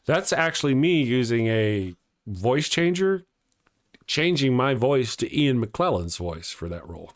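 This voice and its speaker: A man's voice: medium pitch, lively intonation, measured pace. A middle-aged man hosting a casual livestream morning show, chatting, joking and greeting viewers, laughing often and restarting his words. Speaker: host of a live morning show. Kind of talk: casual livestream chat reading viewer comments.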